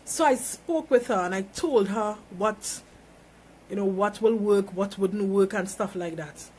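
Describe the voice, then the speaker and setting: A woman's voice: mid-range voice, a little slow, a little mellow, a little hiss or hum. Emphatic preachy woman on a phone live stream. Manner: emphatic, preachy, repeats phrases for effect. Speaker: small business owner. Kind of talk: motivational live video monologue.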